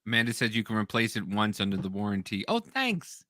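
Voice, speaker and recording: A young man hosts a casual podcast chat, loose and full of swearing. His voice is bright and forceful. The sound is dry and close to the mic. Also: fairly low pitch, level tone, quick pace, no room sound. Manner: laid-back, swears a lot, acts out quoted yelling. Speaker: podcast host.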